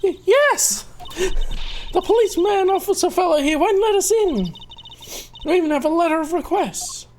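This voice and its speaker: A man putting on an excitable teenage girl from a video game, squealing far above his own pitch in an eager, bouncy tone that jumps all over. She sounds like a bubbly magician's assistant. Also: normal speed, a little hiss or hum. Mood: excited.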